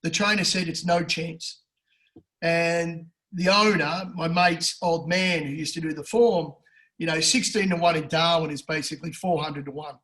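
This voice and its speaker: A man's voice: normal speed, low-quality recording. An Australian man co-hosting a casual betting podcast, telling a yarn with lots of swearing and acting out the people in it. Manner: animated, swears freely, acts out characters with big pitch jumps. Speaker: podcast co-host. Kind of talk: casual storytelling chat.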